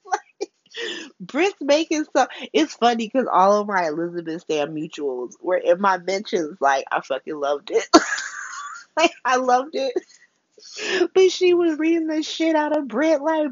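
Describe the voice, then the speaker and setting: Animated, sassy woman recapping episodes. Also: fairly high pitch, takes it slowly, pauses often, dry recording, highs cut off. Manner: animated and sassy, laughs often, acts out quotes. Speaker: soap opera recap vlogger. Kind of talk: casual, profane episode recap.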